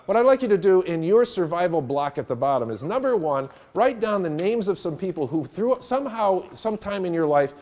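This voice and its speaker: Lively man leading a teacher workshop. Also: high voice, a little fast, few pauses. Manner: animated storytelling with laughs. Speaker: teacher trainer. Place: room with a live audience.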